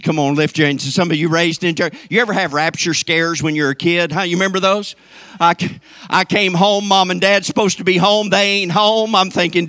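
A man preaching a sermon with fervor, swinging from shouted calls to the congregation down to near whispers. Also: high voice, no echo. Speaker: pastor.

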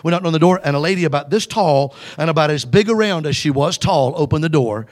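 A man preaching from the pulpit, with a voice pitched a little above the usual male range. He tells his story with emphasis. Now and then he urges the congregation to call out and answer him. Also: quick pace, slight background noise. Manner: exhorting the congregation to call back. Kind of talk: storytelling sermon.

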